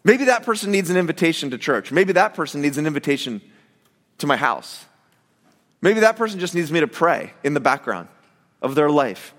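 A man with a notably high voice preaches in a loose, chatty way, stopping and restarting his sentences and leaning hard on "like" and "you know". His words carry the long reverb of a church hall. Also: moderate pace. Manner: conversational, animated preaching with many fillers and restarts. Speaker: pastor. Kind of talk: sermon.

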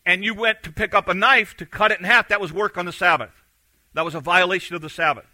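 A man preaching a sermon, animated and acting out the quotes he reads, swinging between loud and hushed. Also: high voice, fairly quick, no room sound, rough recording.

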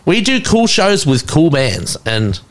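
Man, lively pitch, casual chat, swearing, acts out quotes. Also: a little slow. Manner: animated, swearing, acting out quotes. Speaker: podcast co-host and show promoter.

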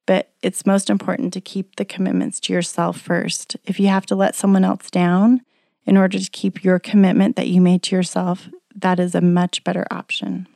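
A woman's voice: lowish voice, completely flat delivery, normal speed, vocal fry, warm tone, no room sound, studio quality. A middle-aged woman, a single mother, talking earnestly in a chatty, coaching motivational talk. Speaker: self-help speaker.

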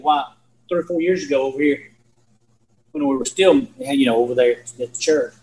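A man's voice: a little high, reverberant, slight background noise, low-quality recording. A man teaching a Bible lesson in a folksy, earnest way, repeating himself and asking his listeners questions. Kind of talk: sermon.

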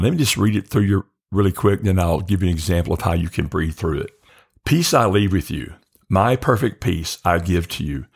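A low-voiced man hosts a faith podcast. His voice is gravelly and a little husky. He talks calmly and slowly, repeating short phrases as he guides the listener's breathing. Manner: slow, calm, repeating phrases meditatively. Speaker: podcast host.

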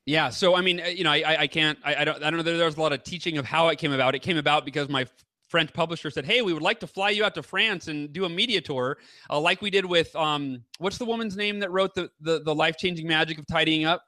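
A man's voice: on the high side, fast talker, sharp tone, no room sound. A man as an author guest in an interview, telling stories with rambling enthusiasm. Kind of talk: casual interview chat.

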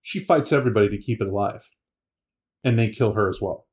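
A man's voice: fairly low pitch, brisk, darkish tone. A man co-hosting a podcast in casual chat, retelling a story with laughter and acted-out quotes. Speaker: podcast co-host.

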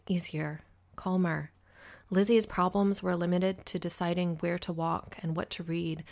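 A woman reading a first-person novel as audiobook narration, in a steady, measured way. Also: fairly low pitch, creaky.

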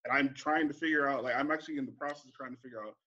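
Bright man on a dull lo-fi mic. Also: medium pitch, racing. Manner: relaxed, searching, casual swearing. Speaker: podcast guest. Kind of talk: casual chat.

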